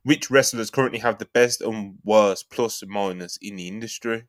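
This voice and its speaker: A man's voice: on the low side, moderate pace, no echo, clean studio sound. A laid-back man in casual podcast chat, swearing casually and calling people brother. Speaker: podcast co-host.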